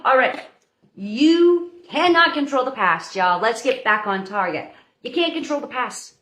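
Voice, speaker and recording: A woman's voice: sits high, lively intonation, a little slow, a bit bright. A woman hosting a live baking stream, giving viewers a chatty, motherly pep talk in her home kitchen. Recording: roomy echo.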